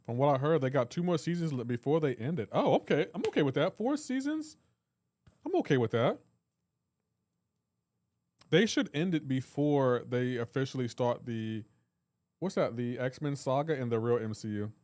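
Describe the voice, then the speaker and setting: A man's voice: mid-range voice, expressive, moderate pace, pauses often, darkish tone, no room sound. Male streamer, casual and joking, reading chat aloud on a live stream, dry close sound, mid-range voice.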